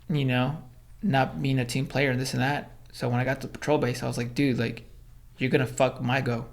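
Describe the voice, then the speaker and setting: A man from Los Angeles, a former Army Ranger, telling stories as a podcast guest, animated, swearing, acting out quotes. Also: mid-range voice. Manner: animated storyteller, acts out quotes, swears, many fillers. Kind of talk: casual storytelling in interview.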